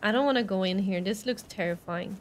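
A woman's voice: mid-range voice, brisk, slight background noise. A woman streaming a game live, chattering nervously and yelping when startled. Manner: excitable, jumps between nervous chatter and yelping. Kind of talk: live gameplay commentary.

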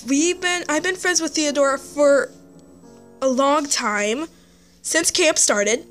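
A young female vlogger talking to camera, sighing often, halting and restarting her sentences. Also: high-pitched, a bit bright, faint music behind. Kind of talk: emotional vlog to camera.

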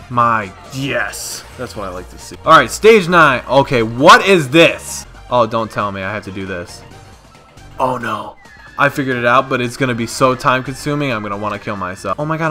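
A young man giving profane, excitable commentary over his own gameplay, talking to himself and yelling at near misses. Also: mid-range voice. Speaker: gaming YouTuber.

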